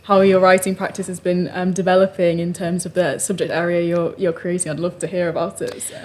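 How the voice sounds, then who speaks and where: Low-voiced woman hosting a radio chat. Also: little pitch movement, brisk. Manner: gentle, encouraging, with hesitant fillers. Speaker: host. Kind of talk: casual radio interview.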